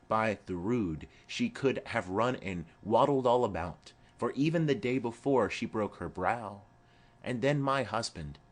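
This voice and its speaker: A man voicing a chatty old female nurse who rambles fondly with earthy asides, in an audiobook play reading. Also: fairly low pitch.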